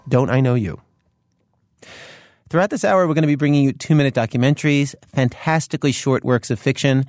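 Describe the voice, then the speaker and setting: A man's voice: mid-range voice, darkish tone, no room sound, studio quality. A man hosting a radio show, introducing stories in a conversational, chatty way.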